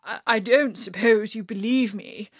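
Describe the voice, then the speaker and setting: A woman's voice: on the high side, a little slow, dry recording, studio quality. A woman voicing a sad, stammering male shopkeeper in a read-aloud story. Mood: sad, flustered. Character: flustered male corner shop owner. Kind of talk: storybook reading.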